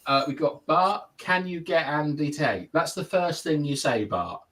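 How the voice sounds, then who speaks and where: A man's voice: a little high, measured pace, low-quality recording. A man hosting a live football chat show, reading out viewer comments in a chatty, laughing way. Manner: lively, chatty, laughs often. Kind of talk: casual live-stream chat.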